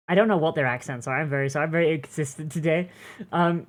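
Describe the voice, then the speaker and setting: A woman's voice: sits low, racing. A woman narrating as game master in a casual, rambling way, heavy on fillers.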